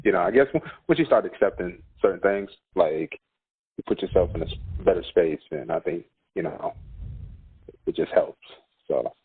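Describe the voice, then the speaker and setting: A man's voice: sits low, moderate pace, pauses often, slightly rough. A man, a school counselor, chatting as a guest on a podcast, laid-back and laughing often as he tells stories. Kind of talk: casual podcast chat. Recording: phone-like narrow sound.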